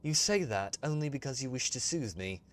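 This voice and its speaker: A man voicing a young noblewoman heir from a role-playing game in a measured, earnest voice close to his own. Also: mid-range voice, expressive, natural voice. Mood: troubled.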